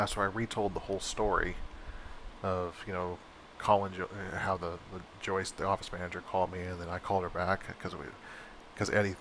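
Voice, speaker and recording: A man's voice: fairly low pitch, pushed and bright, slight background noise, rough recording. A man telling a long personal story while playing a video game. He rambles, restarts his sentences, and acts out what other people said. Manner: acts out the quoted dialogue. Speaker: gaming channel host.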